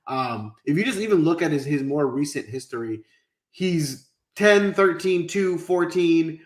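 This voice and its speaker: A man's voice: on the high side, expressive, measured pace. Man with a roomy echo, talking picks. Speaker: fantasy golf analyst. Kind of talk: casual live chat.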